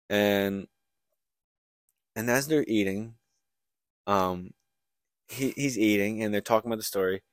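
A man's voice: fairly low pitch, a little slow, pauses often, dry recording, clean studio sound. A young man co-hosting a podcast, casually recapping a book plot with lots of likes and restarts. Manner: rambling storyteller, many likes and restarts. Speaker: podcast co-host.

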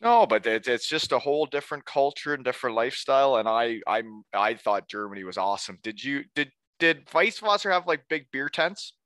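Bright, dry-voiced man chatting. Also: medium pitch, expressive, fairly quick, hardly any pauses, no echo. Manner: joking, chatty. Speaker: podcast host. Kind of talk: casual chat. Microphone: studio mic.

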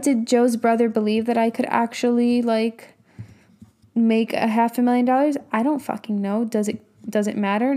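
A young woman speaks as a motivational coach, her voice a little high yet mellow and warm. She talks casually and emphatically, stacking rhetorical questions and letting an occasional swear slip. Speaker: business and mindset coach. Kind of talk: motivational talk.

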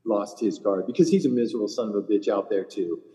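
A man's voice: on the low side, fast, long reverb tail, a loud crowd, poor audio. Blunt, profane middle-aged man. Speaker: PGA Tour caddie, podcast co-host. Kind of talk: casual podcast chat.

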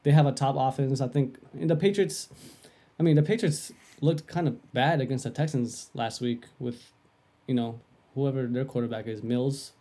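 A man's voice: mid-range voice, moderate pace, dark tone. A man co-hosting a casual sports podcast, speaking in a hesitant, easygoing way. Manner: hesitant, filler-heavy, easygoing.

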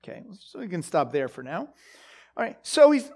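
High-voiced man teaching scripture. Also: big pitch swings, darkish tone, slightly rough. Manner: halting, full of fillers and restarts, asks the listeners questions. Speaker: preacher. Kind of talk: conversational Bible teaching.

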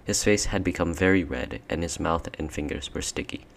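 A man narrating an audiobook in a measured storytelling manner. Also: extremely low pitch, creaky.

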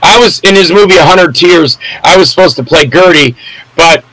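Older man, actor, rambling storyteller, bright ringing voice, dry close sound. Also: high voice, normal speed, no echo, poor audio. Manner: rambling anecdotes, acts out quoted voices. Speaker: actor and interview guest. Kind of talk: casual storytelling interview.

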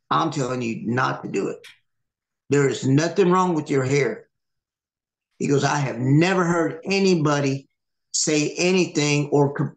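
Animated storytelling man, echoey room. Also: fairly high pitch. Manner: animated, swearing, acts out quoted people. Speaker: podcast host. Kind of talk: casual storytelling chat.

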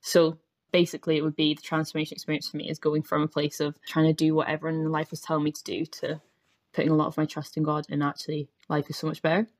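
A woman's voice: deep voice, completely flat delivery, quick pace, a little mellow. A young Scottish woman chatting as a podcast guest, talking openly with lots of filler words. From Scotland. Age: young adult. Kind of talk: casual podcast chat.

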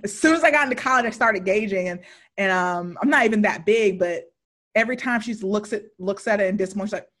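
A woman's voice: medium pitch, a bit bright. A young adult woman hosting a podcast interview in a chatty, rambling way, with casual swearing. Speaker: podcast host.

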